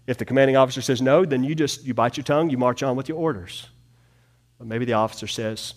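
A man preaching a sermon to a small congregation in a room, swinging between hushed and loud delivery. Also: mid-range voice, a little fast. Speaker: pastor.

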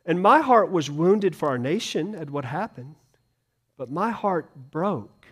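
Middle-aged male pastor, pitched a bit high, earnest sermon delivery with hushed grieving lows and rhetorical questions. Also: animated, unhurried, slightly rough. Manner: earnest preaching, swings from loud emphasis to hushed grief; asks the congregation rhetorical questions.

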